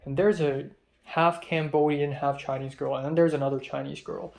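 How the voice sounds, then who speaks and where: A young man, a native Cantonese speaker, with a slightly higher-pitched voice. He rambles through his story in a casual vlog style, filling pauses with ums and restarting sentences as he goes. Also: steady tone, vocal fry, a little mellow. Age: young adult. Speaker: vlogger.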